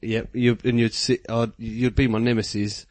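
A man's voice: mid-range voice, level tone, moderate pace, darkish tone, dry recording. A young man co-hosting a comedy podcast, laid-back, rambling into sweary rants. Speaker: podcast co-host. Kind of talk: casual comedic chat.

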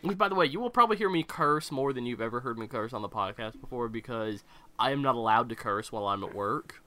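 A young man rattles off a workplace-style anecdote in casual podcast chat, his bright tone rising and falling with lively swings. He talks in an animated, profane way, full of asides and cursing. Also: mid-range voice, fast talker. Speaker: podcast co-host.

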